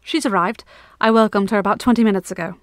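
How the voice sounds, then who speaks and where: A practical woman in her mid-forties, kind and formal, speaking with calm politeness in a storybook reading, as a woman narrator puts her on. Her pitch sits in the middle, and the recording is dry and close. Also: fast, dry recording, lightly acted. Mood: kindly.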